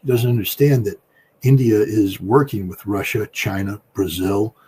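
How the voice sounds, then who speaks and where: A man with a husky voice giving political commentary in an interview, talking in an emphatic, combative way. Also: normal speed. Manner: emphatic and combative, with big swings in pitch and loudness. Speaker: political commentator, former weapons inspector.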